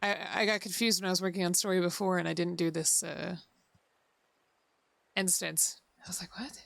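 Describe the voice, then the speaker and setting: A woman's voice: lowish voice, fairly even intonation, moderate pace, gravelly, fairly bright tone, soft background music. A woman streaming a game, chatting casually with her viewers and laughing often. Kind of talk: casual gameplay chat.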